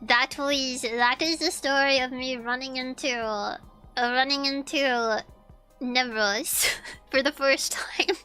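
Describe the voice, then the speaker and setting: Young woman streamer, high bright voice, animated and profane casual storyteller, faint music under her. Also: slow pace, smooth. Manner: animated, swearing, repeats lines, laughs often.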